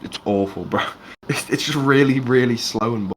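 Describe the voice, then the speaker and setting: A man's voice: mid-range voice, normal speed, a little hiss or hum. A man co-hosting a podcast in casual, slangy, jokey banter. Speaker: podcast co-host. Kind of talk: casual chat.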